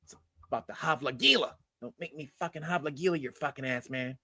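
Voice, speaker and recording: A man voicing a menacing male tough guy who growls profane threats of a chokehold in a hushed, breathy half-whisper. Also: fairly high pitch, quick pace, dry recording, studio quality, pitched below the performer's own voice, heavily acted.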